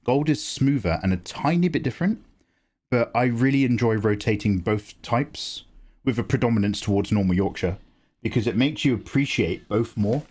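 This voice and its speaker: Animated streamer, lively and loose. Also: male voice, mid-range voice, normal speed. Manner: animated, swears freely, jokes with chat. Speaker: livestream host. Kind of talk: casual chat while drawing.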